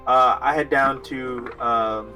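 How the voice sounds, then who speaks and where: A man's voice: mid-range voice, steady tone, slow pace, sharp tone, soft background music. A man playing a tabletop game, joking around and working through details aloud. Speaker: player. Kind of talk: casual tabletop game play.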